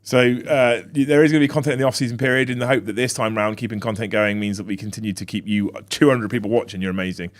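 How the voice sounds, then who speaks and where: A man co-hosting a football fan podcast in casual chat, reading out viewer comments with quick asides. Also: on the low side, fairly even intonation. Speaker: podcast co-host. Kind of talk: casual live-stream chat.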